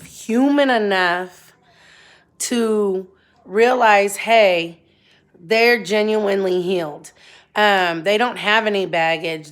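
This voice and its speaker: A woman's voice: medium pitch, fairly bright tone. A woman in her forties talking bluntly about her own life in a candid, rambling monologue, swearing freely. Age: 40s. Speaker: vlogger.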